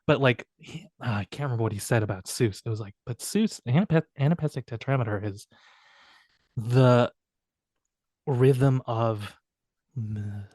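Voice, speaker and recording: A male podcast co-host with a mid-pitched voice, telling jokes in a playful and casual way. He tosses in quick asides. The recording is dry and close. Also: darkish tone, dry recording. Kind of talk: casual comedic chat.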